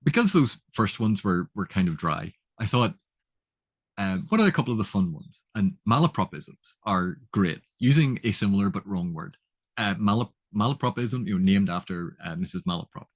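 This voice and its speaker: Male literature teacher, lowish voice, chatty and self-amused, for an explainer video. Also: big pitch swings, normal speed, slightly rough. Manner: chatty, laughs at own examples, restarts often. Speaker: literature educator. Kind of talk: casual explanatory lesson.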